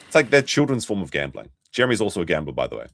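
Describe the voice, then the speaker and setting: A man's voice: sits low, sing-song, racing, vocal fry, a bit bright. A man hosting a casual commentary stream, ranting and swearing freely. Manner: profane, ranting. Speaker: stream host.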